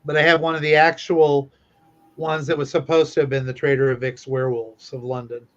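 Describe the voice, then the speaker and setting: A man appearing as a guest on a live stream, talking casually and haltingly, with dry quips. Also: a little high, little pitch movement, fairly bright tone, dull audio, faint music behind. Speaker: guest collector. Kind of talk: casual remote interview chat.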